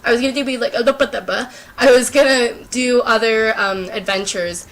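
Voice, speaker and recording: A woman's voice: fairly high pitch, a little slow. A teenage girl with a sore throat, chatting casually and rambling to the camera, self-deprecating and full of fillers. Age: teens. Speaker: YouTuber. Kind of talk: casual unscripted chat to camera.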